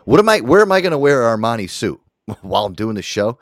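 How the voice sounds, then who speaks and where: A man's voice: fairly low pitch, quick pace, creaky, no echo, clean studio sound. A man with a New York accent hosting a casual podcast chat, swearing freely and laughing often. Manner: profane, animated, laughs often. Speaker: podcast host.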